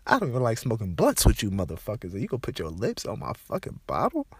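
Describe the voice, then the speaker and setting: This dry recording catches a young man whose fairly low voice has a breathy edge and a stuffed-up, congested quality. He talks quickly, ranting casually through loose, profane, animated stories.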